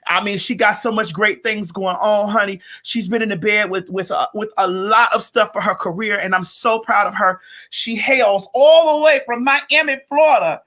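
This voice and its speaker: A host with a flamboyant, sassy manner, hyping up guests on a live-streamed comedic talk show over a video call. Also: female voice, mid-range voice, fairly even intonation, moderate pace, hardly any pauses, bright, forceful tone. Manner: flamboyant, sassy, hype introductions.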